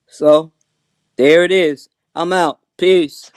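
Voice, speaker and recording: Slow, taunting man on a dry call. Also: on the high side, big pitch swings, no room sound. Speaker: panel participant. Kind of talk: confrontational livestream panel talk.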